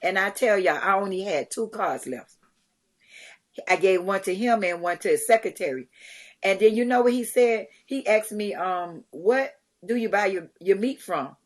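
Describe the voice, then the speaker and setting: A middle-aged woman, a charity founder, telling lively stories in a podcast interview, acting out what others said and laughing often. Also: medium pitch, normal speed. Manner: animated storyteller, acts out quotes, laughs often. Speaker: guest, community charity founder.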